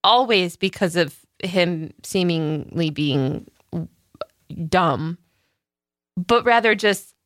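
A woman co-hosting a podcast in a studio, telling stories in a lively, animated way. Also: fairly low pitch, takes it slowly, dry recording. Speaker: podcast co-host. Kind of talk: casual chat.

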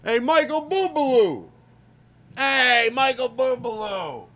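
A man voicing a rowdy drunk male fan heckling a singer from his table, yelling loudly. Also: very high voice, very animated, slow, voice pushed up, full character voice. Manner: yelling, slurred and loud.

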